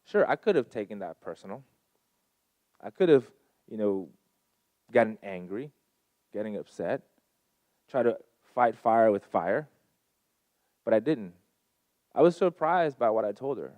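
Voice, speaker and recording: A man's voice: on the low side, animated, measured pace, pauses often, darkish tone, dry recording. A man in his thirties giving a personal testimony at a Sunday gathering, earnest and repeating phrases for emphasis into a handheld mic. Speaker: guest speaker at a Sunday service.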